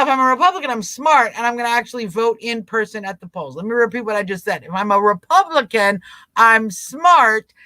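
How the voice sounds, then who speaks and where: A man hosting a live talk stream, his voice high and bright with a tense edge. He mocks and acts out little scenes as he rambles. The sound is close and dry. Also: no echo, rough recording. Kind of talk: casual political talk stream.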